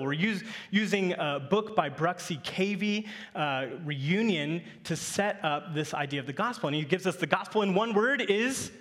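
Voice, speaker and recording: A man's voice: high voice, a bit bright. A male pastor in his thirties giving a sermon, telling a playful family story to his congregation.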